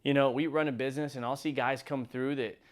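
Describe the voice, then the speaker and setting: A middle-aged man giving an emphatic motivational talk as the host, building from calm reflection to near shouting. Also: mid-range voice, fast talker. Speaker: motivational speaker.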